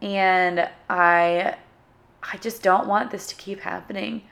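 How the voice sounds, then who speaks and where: Soft-spoken young woman, halting and emotional. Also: mid-range voice, steady tone, gravelly. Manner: emotional, halting, searching for words. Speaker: podcast host. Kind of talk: solo podcast talk.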